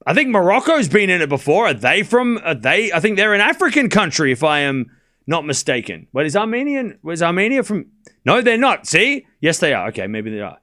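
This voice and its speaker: A man with an Australian accent commentating tennis on a live stream, chatting with viewers between points. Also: high-pitched. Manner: animated, chatty, quick play-by-play bursts.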